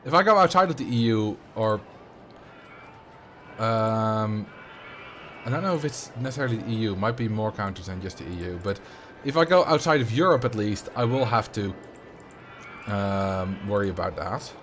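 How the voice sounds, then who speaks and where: A man's voice: on the low side, expressive, normal speed, noisy background. A man with a Dutch accent chatting casually as a streamer while playing a game, rambling and answering viewer questions.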